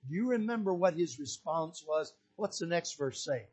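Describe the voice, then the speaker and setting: High-voiced older preacher from Michigan. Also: male voice, animated, normal speed, breathy edge. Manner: swings between shouted exhortation and hushed, soft emphasis. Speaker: pastor. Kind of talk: preaching a sermon. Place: church pulpit.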